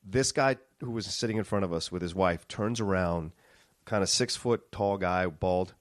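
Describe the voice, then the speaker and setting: A man hosting a podcast, telling a story in a casual, animated way, swearing freely and acting out what people said. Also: sits low, normal speed, dry recording, clean studio sound. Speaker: podcast host.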